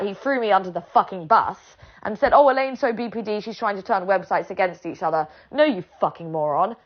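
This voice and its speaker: A woman's voice: mid-range voice, highs cut off. A woman with a British accent ranting bluntly and sarcastically in a vlog, swearing freely. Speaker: vlogger. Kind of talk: ranting monologue.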